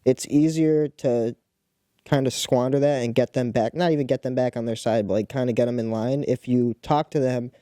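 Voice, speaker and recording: A man's voice: mid-range voice, steady tone, warm tone, no echo, studio quality. A man, a stand-up comedian, rambling casually about his sets on a podcast, swearing freely. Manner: rambling, quick, profane. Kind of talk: casual chat.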